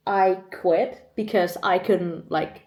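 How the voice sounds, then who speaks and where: A vlogger in her twenties speaks candidly through a camera mic, chatty and emotional, laughing often yet choked up and close to tears at times. Her voice is fairly low and darkish, her pace slow, and the sound is reverberant.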